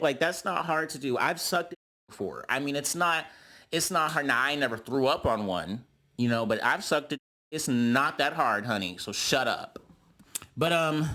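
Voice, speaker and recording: A man giving a sassy, gossipy recap of a reality TV episode, calling his listeners honey and girl. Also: sharp tone. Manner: mimics cast members in high voices. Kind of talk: casual recap commentary.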